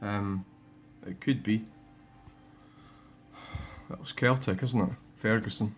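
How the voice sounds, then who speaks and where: A man's voice: lowish voice, slow pace. Man rambling wryly. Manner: rambling, wry, digressive. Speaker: vlogger. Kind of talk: casual commentary on own channel.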